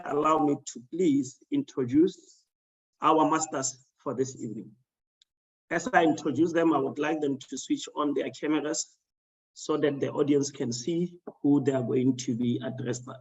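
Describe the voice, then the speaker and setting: A man moderates an online panel over a video call, speaking in a measured, formal way. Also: a little high, darkish tone, rough recording.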